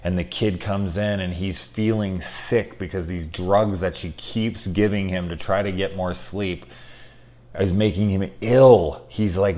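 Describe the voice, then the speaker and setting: A man hosting a casual spoiler film review, excitable and rambling, swearing freely and saying "like" a lot. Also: low-pitched, normal speed.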